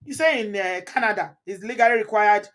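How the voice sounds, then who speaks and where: Woman with a Nigerian accent, live host, chatty, code-switching, quick to laugh, mid-pitched voice. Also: a bit bright. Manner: chatty, switches into Pidgin and Yoruba, laughs often. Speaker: channel host. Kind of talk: live commentary reading viewer comments.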